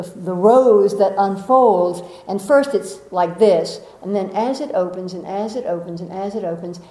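A woman giving a gentle, coaxing inspirational talk as a spiritual teacher, often asking rhetorical questions of her listeners. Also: medium pitch, echoey room, low-quality recording.

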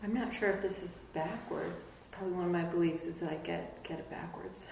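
Woman participant, quiet and uncertain, lowish voice, distant from mic. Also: steady tone, fairly quick, vocal fry, a little hiss or hum. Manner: quiet, unsure, trailing off. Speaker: workshop participant. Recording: distant, very echoey room.

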